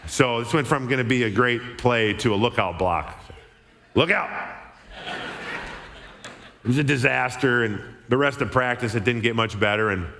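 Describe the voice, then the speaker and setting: Man, middle-aged, animated storyteller, church speaker, long hall reverb. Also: medium pitch, slight background noise. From Minnesota. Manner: animated, chatty, frequent "okay?" asides. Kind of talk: storytelling sermon talk. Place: large church auditorium.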